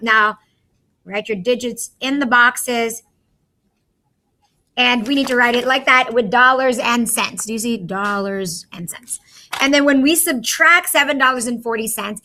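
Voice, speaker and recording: A woman's voice: fairly high pitch, bright, forceful tone. A woman teacher patiently walking young students through a math lesson step by step.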